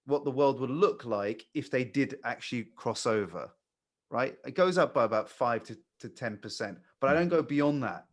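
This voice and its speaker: A man coaching new hires on sales calls, calm and blunt, swearing casually. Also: medium pitch, normal speed. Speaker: sales trainer.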